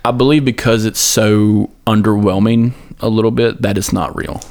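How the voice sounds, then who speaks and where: A man hosting a podcast in casual chat, profane and animated, often laughing. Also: lowish voice, moderate pace. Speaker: podcast host.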